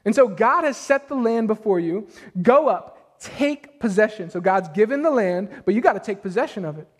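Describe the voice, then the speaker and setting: A man with a high voice preaching a sermon with lots of energy, asking his congregation rhetorical questions. His voice carries a long hall reverb, as from a church sanctuary. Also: expressive, normal speed. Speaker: pastor.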